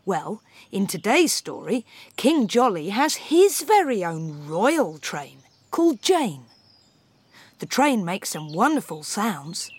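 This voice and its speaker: A woman presenting a children's program, singing and speaking in a slow, gentle, sing-song way. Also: medium pitch, slightly rough, no room sound.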